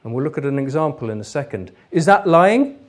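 A man giving an interactive workshop lecture, explaining ideas in a lively way. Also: on the high side, a little fast. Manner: lively, explanatory, laughs easily. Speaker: lecturer, trainer.

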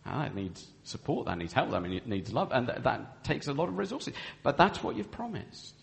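A man's voice: medium pitch, very animated, fairly quick, gravelly. A man preaching a sermon with earnest delivery, acting out spoken vows as he goes. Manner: earnest, acts out vows in quoted speech. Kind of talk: sermon on marriage. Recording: long hall reverb.

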